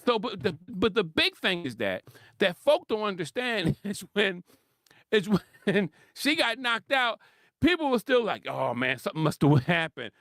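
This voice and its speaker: A man with a Philadelphia accent talking sports in a rambling, animated monologue, acting out quotes and laughing often. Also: high-pitched, unhurried, no echo, clean studio sound. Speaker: sports commentator host. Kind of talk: casual monologue.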